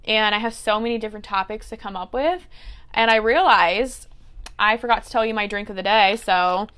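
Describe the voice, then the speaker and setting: A woman's voice: mid-range voice, normal speed, fairly bright tone, a little hiss or hum. A woman in her twenties hosting a solo podcast, giving earnest life advice in a casual way. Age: 20s. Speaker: podcast host and teacher.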